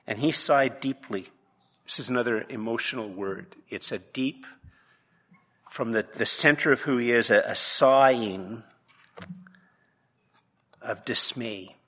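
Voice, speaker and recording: A man preaching a sermon from his notes, emphatic, dropping to a hush and then rising to loud, pressing points. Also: medium pitch, unhurried, long pauses, breathy edge. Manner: emphatic, swings from hushed to loud.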